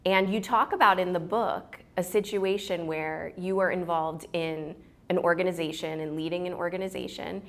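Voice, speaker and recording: A woman interviewing an author, asking questions in an appreciative, affirming, and measured way. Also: lowish voice, vocal fry.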